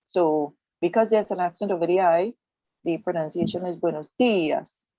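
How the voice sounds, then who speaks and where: On the radio, a Spanish teacher with a low, mellow voice gives a patient language lesson, slowly repeating words. The sound is dry, close and muffled, without echo.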